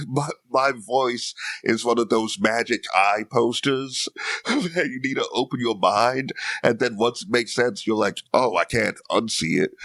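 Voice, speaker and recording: English guy, young, podcast co-host, self-mocking and quick, laughs a lot, dry close mic, mid pitch. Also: a bit bright, no room sound. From England. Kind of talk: casual comedic chat.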